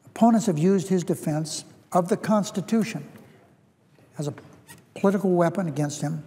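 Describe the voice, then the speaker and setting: A man with a fairly high, mellow voice delivers a formal floor speech as a senator. He speaks deliberately and circles back to repeat key phrases for emphasis. His voice carries the long reverb of a large legislative chamber, picked up by a podium microphone.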